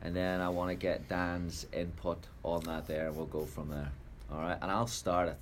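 A man hosting a coaching podcast, speaking in a measured, reflective way as he tells stories. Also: low-pitched, little pitch movement, a little hiss or hum. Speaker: podcast host, soccer coach. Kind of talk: podcast chat and storytelling.

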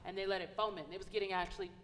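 A woman's voice: mid-range voice, steady tone, very fast, fairly bright tone, slight background noise. A woman on a discussion panel, telling stories emphatically and raising her voice when she quotes someone. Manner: emphatic storytelling, rising sharply when quoting. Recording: long hall reverb.

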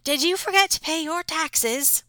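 A woman voicing a small, thorny, worrying farmer's wife with a shrill, sharp-tongued manner. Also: a little slow, dry recording, studio quality. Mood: shrill panic.

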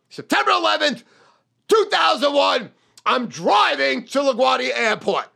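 A man telling a wild personal story in a brash, profane, loud and boastful way. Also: very high-pitched, vocal fry. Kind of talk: storytelling monologue.

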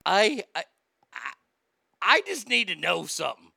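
A man in his late forties hosting a live show, ranting crudely and mockingly, swinging between loud outbursts and mutters. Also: high voice, sing-song, unhurried, gravelly, slightly rough, dry recording. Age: late 40s. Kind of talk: crude comedic rant.

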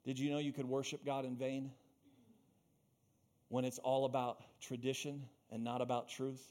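A man's voice: medium pitch, level tone, normal speed, darkish tone. A man preaching a sermon as pastor, speaking emphatically, repeating his phrases and calling out to the congregation.

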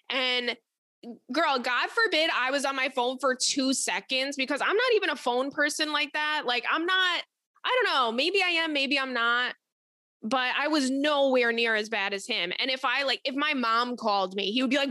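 A young woman hosting an advice show, talking in a blunt, profane, animated way as she tells stories and reads listener letters. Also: high-pitched, moderate pace, dry recording, clean studio sound. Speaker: advice podcast host. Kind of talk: casual advice chat.

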